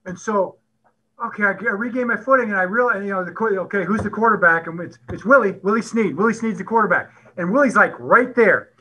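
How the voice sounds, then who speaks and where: Brief: middle-aged man, football coach, lively storyteller who plays out quotes; higher pitch, bright edge. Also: quick pace, a little hiss or hum, rough recording. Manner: animated storyteller who acts out quotes and laughs often. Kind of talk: storytelling at a conference talk.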